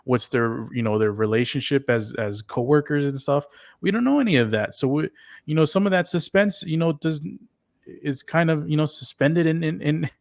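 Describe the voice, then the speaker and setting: A man's voice: fairly high pitch, creaky, no echo, studio quality. A man co-hosting a podcast, chatting casually and often repeating words as he searches for his point. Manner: halting, repeats words while searching for thoughts. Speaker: podcast co-host. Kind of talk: casual review chat.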